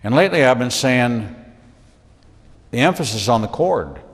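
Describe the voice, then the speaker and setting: A rabbi teaching the Bible in sermon style, with animated delivery, repeated phrases for emphasis and humorous asides. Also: male voice, medium pitch, moderate pace, in a large hall.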